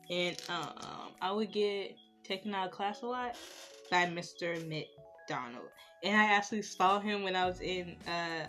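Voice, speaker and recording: A young woman, chatting casually about her school years while doing her makeup. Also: fairly high pitch. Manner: chatty, animated when retelling stories. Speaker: beauty vlogger.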